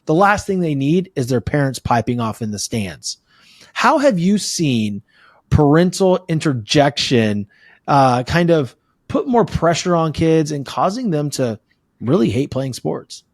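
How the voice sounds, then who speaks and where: A middle-aged man hosting a podcast interview, telling stories in quick animated bursts. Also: on the high side, dry recording, studio quality. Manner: animated storyteller, talks fast in bursts. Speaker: podcast host. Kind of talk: casual conversational interview.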